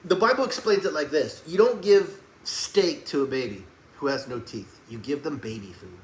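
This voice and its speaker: A man preaches with a fairly high, lively voice that leaps between hushed pleading and fiery shouting. His sermon rings around an echoey room with a faint hum of noise behind him. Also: normal speed.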